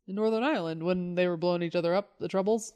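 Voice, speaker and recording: A woman co-hosting a podcast in casual comic chat, with wry, deadpan joking asides. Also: fairly low pitch, fast, clean tone. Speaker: podcast co-host.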